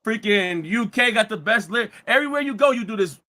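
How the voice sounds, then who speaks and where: Bright-voiced man ranting on a stream. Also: high voice, animated, fairly quick. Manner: heated, mocking, repetitive ranting with frequent shouting. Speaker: show host. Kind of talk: live-streamed commentary rant.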